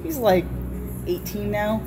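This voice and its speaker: A woman's voice: medium pitch, lively intonation, slow pace, music in the background. A woman being interviewed, telling a story in a candid, casual way and acting out the dialogue she quotes.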